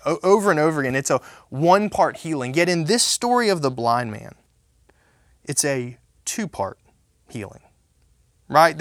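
A man's voice: fairly high pitch, fairly bright tone, no room sound, clean studio sound. Emphatic, conversational male preacher. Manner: conversational, emphatic, frequent "right?" and restarts. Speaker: pastor. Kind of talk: sermon.

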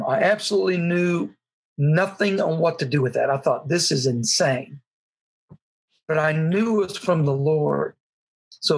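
A middle-aged man telling a personal story in an earnest, halting way, with frequent restarts. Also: fairly high pitch, creaky, slightly rough. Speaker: guest sharing his testimony.

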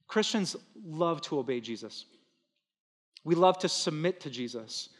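A man pastor preaching a sermon in earnest, swinging between loud emphatic bursts and hushed soft lines. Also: fairly high pitch, expressive, unhurried, breathy edge, in a large hall.

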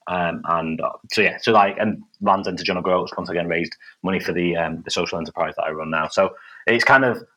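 A man's voice: sits low, a little fast, bright, forceful tone, rough recording. A man with a Bolton accent, a guest calling in remotely, talking modestly with many hesitations. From England. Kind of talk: casual interview. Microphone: remote audio call.

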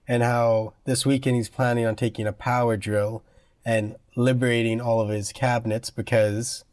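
A man's voice: mid-range voice, a little mellow, no room sound. Young man chatting, dry close sound. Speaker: podcast co-host. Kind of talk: casual chat.

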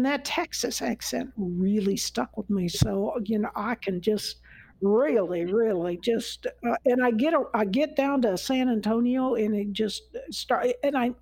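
Speaking conversationally as a neuroscience guest expert, an American woman rambles through how learning works, full of fillers and restarts. Her medium-pitched voice is creaky, husky and a little mellow. The recording is dry and the audio quality poor.

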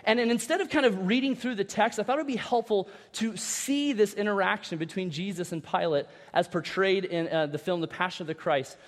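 A man preaching a sermon as pastor, in a conversational style with animated asides and repeated words. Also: sits high. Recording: long reverb of a large hall.

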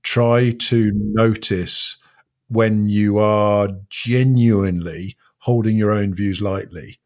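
A man's voice: fairly low pitch, steady tone, slow, darkish tone. A man working as a coach, explaining his ideas in a thoughtful conversational way, often restarting his sentences. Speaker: guest coach.

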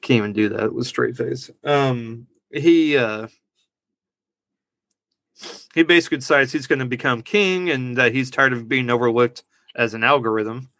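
A man talking through a movie on a podcast, his voice bright and forward with a dry, close sound. He rambles, loses his thread, and cracks up at his own dad jokes. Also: medium pitch, a little slow, no room sound. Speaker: podcast co-host. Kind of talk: casual movie review chat.

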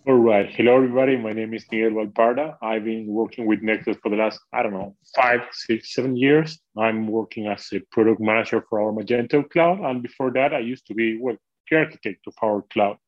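A man's voice: on the low side, a little fast, lo-fi sound. A man who works as a product manager, a guest in a podcast interview, explaining technical ideas in a fluent, conversational way.

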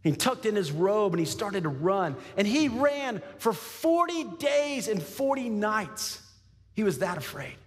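A man delivering a sermon to his congregation, his voice sitting high for a man. He tells the story vividly, switching into voices for the figures he quotes and laughing often. The sound carries a long hall reverb. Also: big pitch swings, measured pace. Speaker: pastor.

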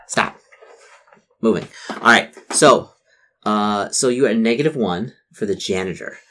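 A woman narrating a tabletop role-play game as game master, chatty and halting as she quizzes her player. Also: rumbling low, a little hiss or hum.

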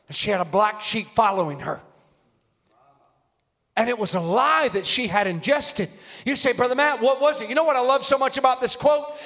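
High bright voiced preacher guy, fervent sermon, echoing church hall. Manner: fervent, emphatic preaching with rising declarations. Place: church sanctuary. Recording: long reverb of a large hall.

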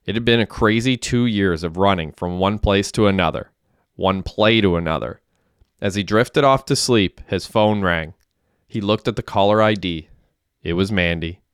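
Male audiobook narrator, steady plain reading, low voice, dry close recording. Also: normal speed, clean tone, dry recording.

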